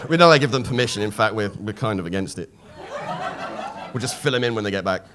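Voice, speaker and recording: A man doing a live stand-up set on a comedy club stage, deadpan asides into a handheld mic. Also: on the low side, quick pace, crowd noise.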